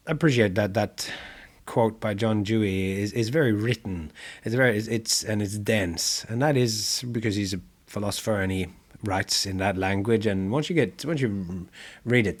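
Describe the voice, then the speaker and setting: A man with a fairly low voice hosts a reflective podcast monologue. He muses aloud in a meandering way, with frequent fillers and restarts. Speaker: podcast host.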